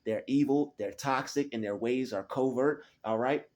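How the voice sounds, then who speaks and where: A man's voice: mid-range voice, normal speed, darkish tone. A man giving a motivational spiritual talk alone in a small room, speaking in repetitive, declarative affirmations. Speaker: spiritual vlogger.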